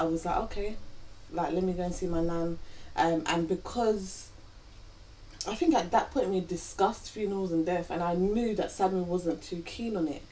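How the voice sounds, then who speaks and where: A woman's voice: fairly low pitch, warm tone. A woman sharing a personal story with her partner, earnestly quoting her own thoughts aloud. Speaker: vlog co-host. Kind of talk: reflective couple chat. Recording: distant mic with faint background hiss.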